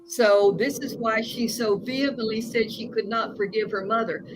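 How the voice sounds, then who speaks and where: A woman's voice: on the high side, steady tone, moderate pace. A woman life coach, a guest in an interview, telling stories in an earnest, emphatic way. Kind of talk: conversational interview. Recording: noisy recording.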